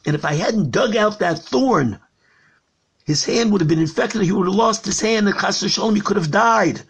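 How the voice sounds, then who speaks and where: A stern father scolds a bystander with urgent force, as a gravelly-voiced rabbi quotes him. The voice is rough and husky and sits lower than the speaker's usual teaching tone. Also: moderate pace, exaggerated voice. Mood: scolding. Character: stern grown father defending a painful act.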